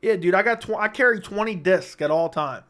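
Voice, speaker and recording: A young man with a slightly high-pitched voice hosts a late-night livestream. He talks in loose, brash banter, swearing freely and joking with his chat. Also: fairly quick, a bit bright. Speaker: livestream host.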